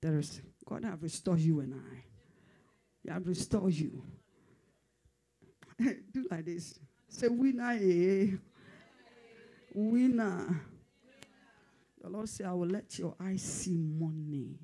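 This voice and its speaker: A fervent male pastor delivering prophecy with a dark, husky tone. He repeats his phrases for emphasis and at times sinks to a whisper. His pitch sits somewhat high for a man. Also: unhurried, long pauses. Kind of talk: prophetic sermon.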